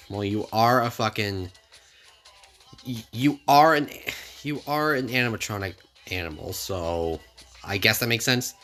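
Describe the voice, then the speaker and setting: A man's voice: fairly low pitch, measured pace, pushed and bright, faint music behind. A man commenting casually on a game he plays blind, joking and swearing now and then. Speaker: let's play host.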